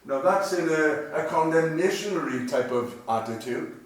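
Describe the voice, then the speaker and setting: A man preaching in a chapel, his voice sitting a little high and carrying with heavy echo from a distant mic. He talks conversationally but with emphasis, repeating phrases and asking rhetorical questions over a faint hiss. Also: lively intonation, moderate pace. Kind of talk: sermon. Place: cemetery chapel.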